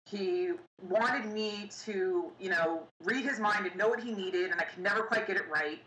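Interview guest, woman, young, bright and forceful voice, halting delivery, roomy echo. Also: mid-range voice, a little hiss or hum. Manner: halting, pausing often, recounting painful memories. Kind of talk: personal storytelling. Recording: echoey room with faint ambience.

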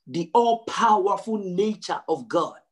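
Emphatic preaching man, slightly high voice. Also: expressive, a little slow, breathy edge. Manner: emphatic, repeats phrases, swings from low to high and loud. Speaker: pastor. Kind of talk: sermon. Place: church service.

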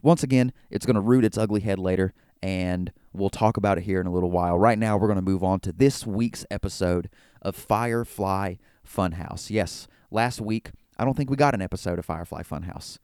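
A man's voice: sits low, a little fast, darkish tone, clean tone, no echo, clean studio sound. A man hosting a podcast, recapping events in a casual, joking way with frequent stammered repeats. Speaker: podcast host. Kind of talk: casual wrestling recap commentary.

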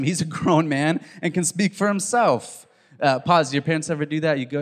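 A man preaching a sermon, reading a long scripture passage aloud with lively storytelling and asides to the congregation. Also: fairly high pitch, a little fast. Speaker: pastor. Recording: long hall reverb.

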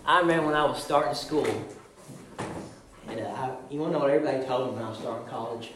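A man's voice: fast talker, noisy background. Fiery young male preacher, roomy echo. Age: young adult. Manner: fervent, shouting refrains, big swings in pitch and loudness. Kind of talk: sermon.

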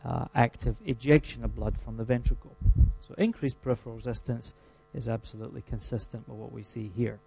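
A man with a Scottish accent giving a university lecture, stressing key terms slowly and making dry asides to the class. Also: mid-range voice, fairly even intonation, gravelly, mellow, breathy edge.

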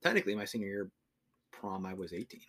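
A man's voice: deep voice, very animated, quick pace, fairly bright tone, slightly rough. A young man co-hosting a podcast, chatting casually and ranting with plenty of swearing. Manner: profane, ranting. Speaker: podcast co-host. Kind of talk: casual chat.

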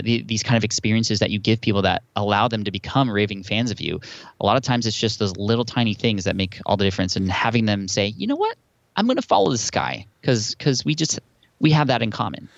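This man's lowish voice comes through muffled, with no echo, as he speaks as a guest on a podcast. His conversational interview answer is chatty and animated, packed with storytelling, restarts and fillers.

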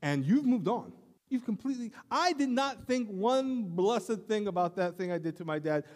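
A male pastor preaching a sermon in a casual, storytelling way with self-deprecating asides and halting restarts. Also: sits high, lively intonation, darkish tone. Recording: long hall reverb.

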